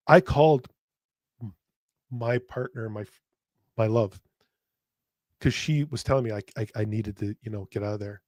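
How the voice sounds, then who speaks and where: A man talks through a personal podcast monologue in a mid-range voice, earnest and halting, often restarting and repeating words before pushing on. His speech is blunt and plain, with casual swearing. The sound is dry, with no room echo around it. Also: medium pitch, warm tone. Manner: earnest, speaking straight to listeners. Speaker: podcast host.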